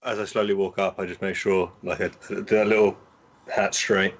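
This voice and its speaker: A man casually playing a tabletop game, easygoing and relaxed in his talk. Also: low voice, a little fast, slight background noise. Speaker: player. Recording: dull lo-fi mic.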